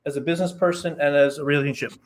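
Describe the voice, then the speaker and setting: Telling a story on a casual podcast, this male performance coach guest uses a lively voice that climbs and dips. His pitch runs slightly high for a man, and he chops up his explanations with quick side comments.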